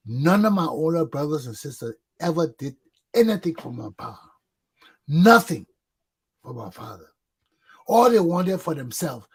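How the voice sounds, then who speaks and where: A middle-aged man tells a story on his own talk show. His voice is husky and sits a bit high. He talks casually and lively, and he bursts into shouted quotes as he acts out the scenes. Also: normal speed. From Liberia.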